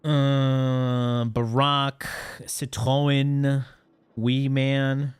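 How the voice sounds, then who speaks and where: A man's voice: medium pitch, level tone, slow pace, clean tone, dry recording. A man streaming a game, cracking crude jokes and rambling with repeated words. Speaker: gaming streamer. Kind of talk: live game commentary.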